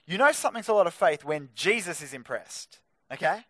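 A man preaching an energetic youth group sermon, with punchy joking asides to teenagers. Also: a little high, brisk, no echo, clean studio sound. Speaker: youth pastor.

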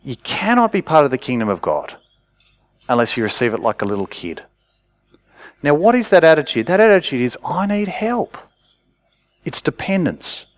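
A man's voice: mid-range voice, huge pitch swings, brisk, no echo. A man preaching a sermon, telling stories in a conversational way and rising to urgent cries.

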